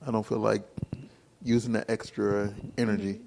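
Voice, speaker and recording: Low gravelly guy, stutters a bit, kinda mumbly, chill podcast cohost talk. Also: moderate pace. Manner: stammering, mumbly when relaxed. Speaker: podcast co-host. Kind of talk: casual chat.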